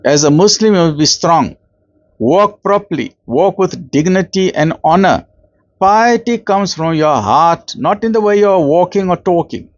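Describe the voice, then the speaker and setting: Brief: South African male lecturer, fairly high voice, conversational religious talk, dry and dull recording. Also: animated, normal speed, no echo. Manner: conversational, acts out quoted voices, uses Arabic terms. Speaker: Islamic lecturer.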